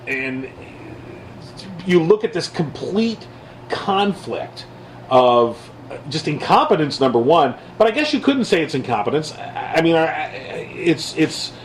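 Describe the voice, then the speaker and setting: A man's voice: medium pitch, a little hiss or hum, rough recording. A man co-hosting a podcast, talking politics in a casual, sarcastic way and mocking people in a raised voice. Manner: animated, mocking quotes in a raised voice. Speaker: podcast co-host.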